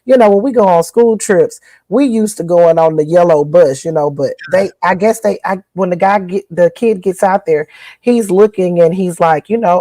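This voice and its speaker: A woman from northern Louisiana with a northern Louisiana accent, co-hosting a podcast in casual chat, folksy and animated with old-fashioned country sayings. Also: on the low side, moderate pace, dry recording, low-quality recording. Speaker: podcast co-host.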